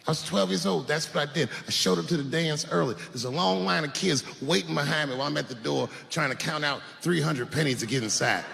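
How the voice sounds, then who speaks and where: A man's voice: on the high side, lively intonation, brisk, vocal fry, few pauses, bright, forceful tone. A man in his forties performing a crude, conversational stand-up set and riffing with the audience. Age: 40s. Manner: crude, conversational storytelling, riffs with the crowd. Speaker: stand-up comedian.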